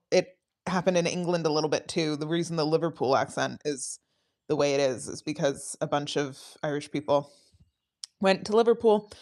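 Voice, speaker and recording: Giggly rambling woman streamer. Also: lowish voice. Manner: rambling and giggly, many ums and laughs. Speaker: streamer hosting a live study session. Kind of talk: casual livestream chat.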